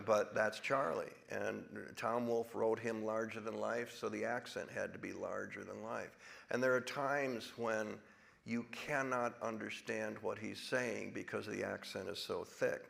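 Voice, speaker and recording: A man's voice: fairly low pitch, gravelly, fairly bright tone. A man in his sixties, an actor guest in a live stage conversation, talking in a rambling way with many restarts. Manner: rambling with restarts, drops into big put-on voices when quoting.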